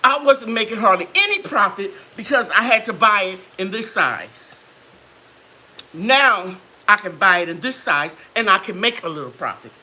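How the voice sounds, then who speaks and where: A woman hosting a casual live chat, her voice bright and sharp. She tells stories with a wide, animated swing in pitch and acts out the people she quotes. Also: normal speed. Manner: lively, preachy storytelling with acted quotes.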